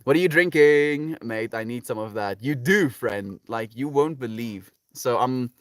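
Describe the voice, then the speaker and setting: A South African man livestreaming from his farm garden, reading out viewer comments in relaxed, rambling casual chat. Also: medium pitch, a little slow, dry recording, studio quality. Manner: relaxed, chatty, many fillers like "like" and "you know". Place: home on a farm, outdoors in a garden.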